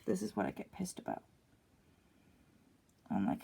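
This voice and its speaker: A woman in her fifties gives a blunt, opinionated casual review of an appliance while demonstrating it in her laundry area, recorded on an iPad on a stand. Her mid-range voice is a little slow, creaky, dark and slightly rough.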